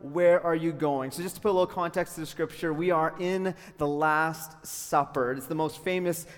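A man's voice: fairly high pitch, fairly even intonation, normal speed. A young adult man from Calgary, preaching a sermon as pastor in an upbeat, friendly way with joking asides. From Calgary, Canada. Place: school hall used for church. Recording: long hall reverb.

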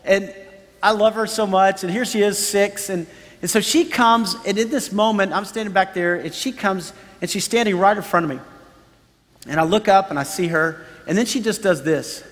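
A man's voice: sits high, moderate pace, fairly bright tone, big-room sound. A man in his thirties, a pastor, preaching a sermon with earnest storytelling and emphatic repetition.

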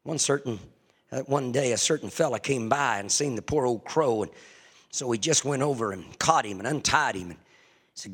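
A man preaching a sermon fervently, swinging from hushed confession to ringing shouts. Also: mid-range voice, fairly quick, husky.

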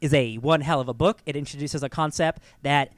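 A man co-hosting a podcast in casual chat, telling stories in a rambling, animated way with many fillers. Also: a little high, brisk, dry recording. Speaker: podcast co-host.

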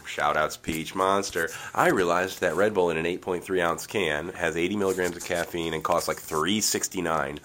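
A man's voice: low voice, steady tone, moderate pace, hardly any pauses, a bit bright, a little hiss or hum. A man co-hosting a podcast in casual chat, rambling with frequent laughs and casual swearing. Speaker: podcast co-host.

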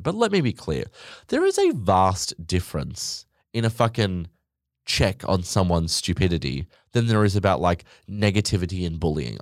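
Solo podcast host, man, lowish voice, bluntly sarcastic, sweary, rambling, recorded in a dry, close space. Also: dry recording. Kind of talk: casual solo podcast rant.

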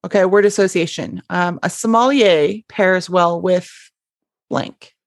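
Brisk woman podcast host, dry sound. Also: lowish voice, no room sound. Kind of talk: podcast hosting and interviewing.

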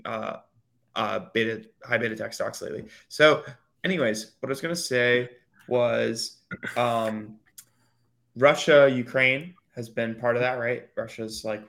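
Male podcast co-host, loose rambling talker, mid-range pitch, mocking quoted voices. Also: moderate pace, gravelly, a bit bright. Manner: rambling, many fillers, mimics others in mocking quoted voices. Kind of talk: casual chat.

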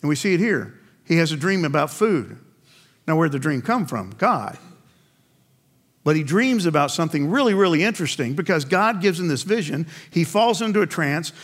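A pastor with a slightly high, expressive voice preaches at a moderate pace. He repeatedly poses questions to the congregation and answers them himself, acting out the biblical voices he quotes in the story.

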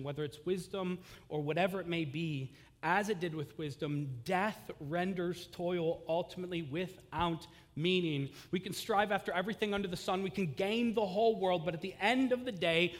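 Male pastor, high voice, sermon in a large reverberant sanctuary, impassioned and swinging between loud and hushed. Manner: impassioned, swells loud on key lines then drops low.

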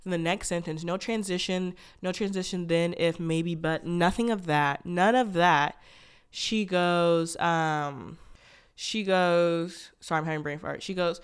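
A woman's voice: fairly low pitch, steady tone, unhurried, clear, resonant tone. A young woman hosting a podcast, telling a personal story in a rambling, candid way, full of "like" fillers, restarts and blunt swearing. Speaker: podcast host.

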